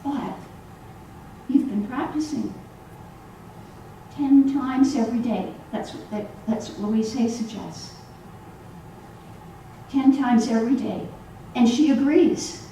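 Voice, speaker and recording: A woman minister giving a sermon to a congregation in a church hall, animated and acting out the voices she quotes. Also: fairly high pitch, slow pace, long pauses, slight background noise. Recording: echoey hall, voice from far off.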